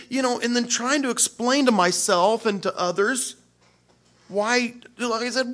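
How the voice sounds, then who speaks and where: Animated, self-mocking male preacher. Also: very high-pitched, measured pace. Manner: animated self-mocking storytelling, acting out dialogue; drops to hushed near-whispers in prayer. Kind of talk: storytelling sermon.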